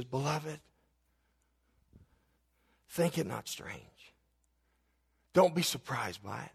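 A man preaching a sermon as a pastor, telling a personal story and building to fervent, shouted exhortation. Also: mid-range voice, lively intonation, slow pace, vocal fry, breathy edge, long reverb tail.

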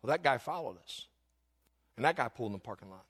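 A man preaching a sermon as a pastor, telling a personal story and building to fervent, shouted exhortation. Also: mid-range voice, animated, fast, breathy edge, in a large hall.

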